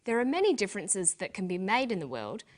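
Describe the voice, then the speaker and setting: A woman hosts a scripted English-language lesson. She explains grammar rules in a clear, deliberate way, slowing down to say example words. Her voice sits at a middle pitch. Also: very animated. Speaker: English teacher and presenter. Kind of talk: scripted educational presenting.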